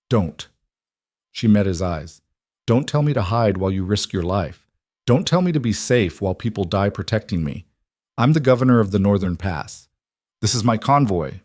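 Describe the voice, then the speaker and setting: A man reading a dramatic story aloud as narrator, steady and even, voicing the characters' lines himself. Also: lowish voice, no echo, clean studio sound. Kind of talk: scripted narration.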